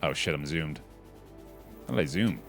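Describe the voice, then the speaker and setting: A young man casually commenting on a card game on a live stream, chatty and relaxed, calling his chat dude and bud. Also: very deep voice, moderate pace, faint music behind.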